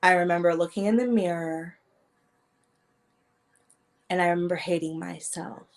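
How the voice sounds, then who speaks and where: A woman, a guest in a podcast interview, recalling her past haltingly with hesitations. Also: on the low side. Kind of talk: casual interview chat.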